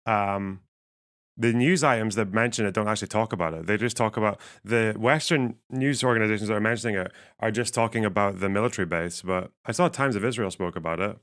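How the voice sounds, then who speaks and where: This male streamer chats casually while going through viewer messages, swearing and chuckling as his thoughts come out. There's a strain to his voice, with the lower register missing. He speaks fast, and the tone leans a bit bright.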